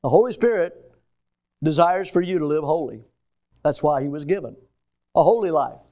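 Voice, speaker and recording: A man preaching a sermon as a pastor, emphatic, moving between loud stressed phrases and hushed asides. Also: on the high side, expressive, normal speed.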